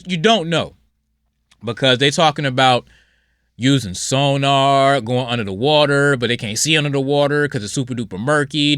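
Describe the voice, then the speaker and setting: Blunt, bright-voiced man hosting a podcast. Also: no room sound, studio quality. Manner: blunt, rambling, swings from loud outbursts to low mutters. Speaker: podcast host. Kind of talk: casual solo podcast commentary.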